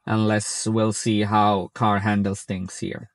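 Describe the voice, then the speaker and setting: A man's voice: fairly low pitch, little pitch movement, slow, no room sound. A man speaking English as a second language, chatting casually while driving and commenting on his car's self-driving, often repeating "very" and "like". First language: not English. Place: inside a moving car.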